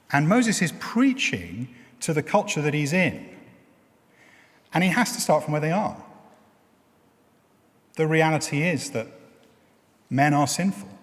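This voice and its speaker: Man preaching in a reverberant church. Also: a little high. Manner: conversational, explaining with everyday examples. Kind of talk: sermon. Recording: long reverb of a church hall.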